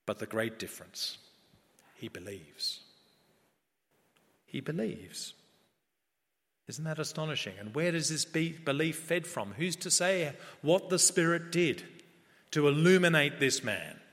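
A man preaching a sermon in a measured, earnest way that builds in emphasis. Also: a little high, animated, a bit bright. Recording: long reverb of a large hall.

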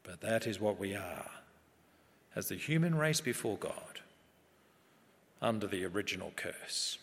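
A man preaching a sermon in a measured, earnest way that builds in emphasis. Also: fairly low pitch, animated, gravelly, a bit bright. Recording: long reverb of a large hall.

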